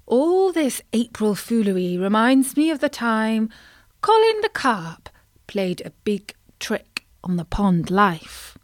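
A woman telling a children's story in a playful, expressive way. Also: on the high side, slow, dry recording.

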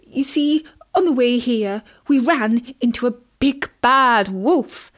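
A woman voicing a kind mother goat in a storybook, speaking gently and softly. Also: a little high, slow pace. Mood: sad.

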